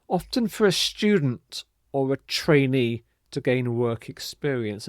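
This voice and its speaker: A man teaching English vocabulary, speaking clearly and deliberately and modelling the pronunciation and stress of each word. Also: medium pitch, no room sound, clean studio sound. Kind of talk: scripted vocabulary lesson.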